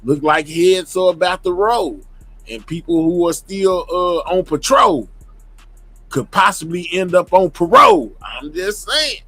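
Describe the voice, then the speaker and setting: Animated man hosting a livestream. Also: high-pitched, unhurried, gravelly, dry recording, soft background music. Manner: animated, shouts out chat members, slangy. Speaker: livestream host. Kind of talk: casual live commentary.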